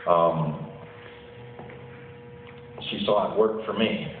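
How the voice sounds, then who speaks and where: Upbeat man telling his story at a meeting; somewhat low voice, heard from afar through a phone-thin, boomy room recording. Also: drawn-out words, slight background noise. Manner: enthusiastic, storytelling, chuckles often. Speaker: teacher and athletic director giving a testimonial. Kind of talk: personal testimonial speech. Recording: distant, tinny, echoey hall recording.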